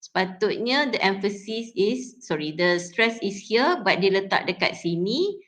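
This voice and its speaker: A woman's voice: mid-range voice, very animated, normal speed, fairly bright tone. Malaysian woman lecturing on word stress. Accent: Malaysian English. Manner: code-switches, talks through examples with frequent fillers and self-corrections. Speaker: English phonology lecturer.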